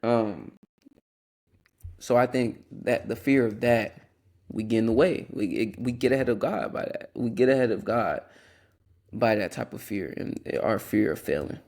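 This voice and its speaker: A man's voice: fairly low pitch, moderate pace, a little mellow. A young man hosting a Christian podcast, talking earnestly in a rambling, casual way with restarts and asides. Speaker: podcast host.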